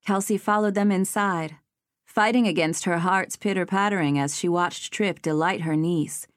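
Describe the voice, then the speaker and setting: Here a lowish-voiced woman performs audiobook narration, measured and expressive like a storyteller. The audio is studio quality, free of room sound.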